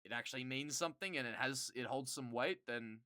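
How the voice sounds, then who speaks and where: A streamer chatting casually with viewers, rambling and swearing, quickly getting worked up and loud. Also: mid-range voice, dry recording, studio quality. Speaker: streamer answering chat.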